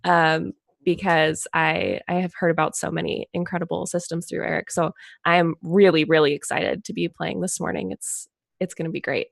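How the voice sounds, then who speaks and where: Low-voiced woman with vocal fry, dry sound. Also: fairly even intonation, normal speed, no echo. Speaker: Twitch streamer and player. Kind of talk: casual self-introduction.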